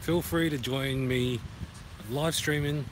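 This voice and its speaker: A man's voice: mid-range voice, steady tone, slow. A man with an Australian accent, walking in a park and chatting casually to a phone camera, rambling and making puns. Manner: rambling and punning, sings along loosely. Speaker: vlogger. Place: outdoor park by a duck pond. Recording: noisy outdoor phone recording. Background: outdoor ambience with passing traffic.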